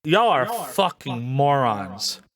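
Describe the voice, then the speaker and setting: A man voicing a gruff, foul-mouthed male stablemaster who barks orders and curses impatiently. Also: medium pitch, big pitch swings, slow pace, a crowd in the background, pitched below the performer's own voice. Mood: irritated. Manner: barking, cursing, impatient.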